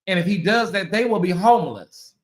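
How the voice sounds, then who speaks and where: A woman hosting a commentary channel, talking casually to her viewers, animated and repeating herself as she exclaims. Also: mid-range voice, fairly quick, echoey room.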